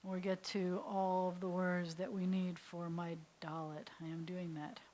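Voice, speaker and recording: A woman's voice: fairly low pitch, little pitch movement, unhurried, mellow, a little hiss or hum. A woman rabbi giving a casual beginner language lesson, playful and chatty, with jokey explanations, and talking aloud to her computer as she works. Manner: talks aloud to her computer while working. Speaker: rabbi teaching Hebrew.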